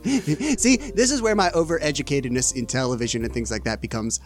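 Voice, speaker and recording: A man co-hosting a comedy podcast in a casual, joking way, animated and quick to laugh. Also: fairly high pitch, over music. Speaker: podcast co-host.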